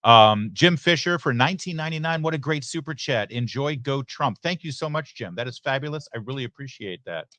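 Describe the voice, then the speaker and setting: Hardly pausing and speaking a little fast in a mid-range voice, a middle-aged host reads viewer messages during a live election night stream from a watch party venue. He's chatty and jokey, with plenty of asides and lively shifts in tone, in a dry recording.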